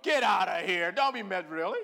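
Texan preacher, man, high bright voice, goes from hushed to fired-up shouting. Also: animated, gravelly. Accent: Texan Southern. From Northeast Texas. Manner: swings from low, quiet musing to loud, fervent, drawn-out preaching; laughs and exclaims often. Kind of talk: sermon.

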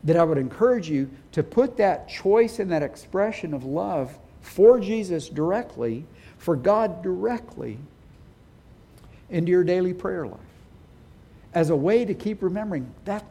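A man's voice: high-pitched, animated, a little slow, dark tone. A middle-aged man preaching a sermon as pastor, speaking earnestly and with emphasis.

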